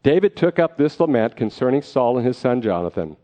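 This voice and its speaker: A man's voice: mid-range voice, sing-song, fairly quick, dark tone. A middle-aged man preaching a sermon as a pastor, retelling a story earnestly and with energy. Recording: slightly dull lo-fi recording.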